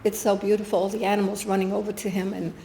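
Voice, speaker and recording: A woman's voice: mid-range voice, flat delivery, fast talker, vocal fry, mellow, a little hiss or hum. An older woman giving a guest talk, earnestly telling a personal story with quoted dialogue. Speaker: guest speaker. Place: spiritual center meeting room. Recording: echoey room with faint ambience.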